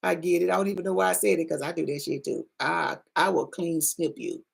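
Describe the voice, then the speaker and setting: A woman's voice: fairly low pitch, a little fast, vocal fry, breathy edge, poor audio. A woman giving a casual spiritual card reading to her viewers in a loose, salty, chatty way.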